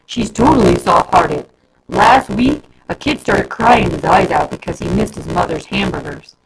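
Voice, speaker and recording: A woman reading aloud and voicing a big, strong, pushy schoolgirl with a crush, talking loudly and eagerly, with a lot of background noise. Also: mid-range voice, lively intonation, moderate pace, creaky.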